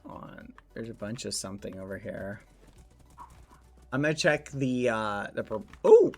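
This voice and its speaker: At a measured pace, a man with a lowish, gravelly but animated voice chats casually with viewers during a home game stream. He drifts through a rambling story crowded with fillers.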